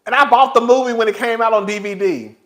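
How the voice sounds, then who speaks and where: A man vlogger telling a story in a casual, animated and dramatic way, laughing often and calling his listeners girl. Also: extremely high pitch, fast talker.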